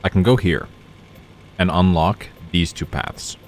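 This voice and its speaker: A man's voice: sits low, measured pace, slight background noise. A man streaming a game, reading in-game notes aloud and chatting casually as he plays. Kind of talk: casual gameplay commentary. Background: game music.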